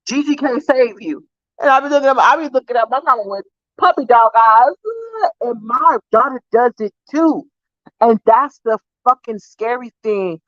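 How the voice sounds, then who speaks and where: A young adult woman casually telling stories to her viewers in an animated, profane, laughing way. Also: moderate pace, no room sound. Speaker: vlogger. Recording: dull, dry low-fi sound.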